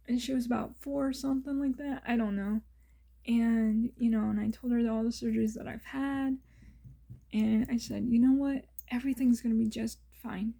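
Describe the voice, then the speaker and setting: A woman's voice: fairly high pitch, creaky, warm tone. A woman vlogger telling personal stories in an earnest, emotional way, often dropping to a whisper. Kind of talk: casual personal storytelling.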